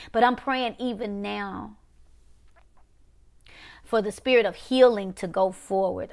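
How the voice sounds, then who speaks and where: A woman preaching a prophetic sermon with a repetitive, rhythmic cadence. She swings between loud bursts and hushed lines. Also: medium pitch.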